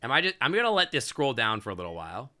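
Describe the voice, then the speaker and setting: A male streamer with a very bright, piercing tone reads a visual novel aloud. He breaks off constantly for crude, outspoken wisecracks. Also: mid-range voice, huge pitch swings, rapid-fire. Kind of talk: reading a visual novel aloud with live reactions.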